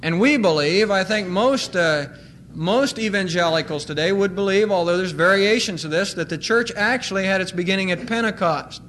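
A man with a high-pitched voice preaches a sermon as pastor, drawing out key words for emphasis. A faint hiss sits under the recording. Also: a bit bright. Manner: emphatic, stressing single words slowly.

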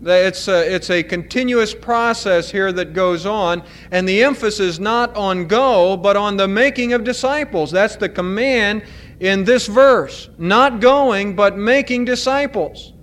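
Male pastor, higher-pitched voice, earnest and deliberate sermon delivery, teaching from scripture. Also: fairly bright tone. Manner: earnest, explanatory preaching with deliberate emphasis.

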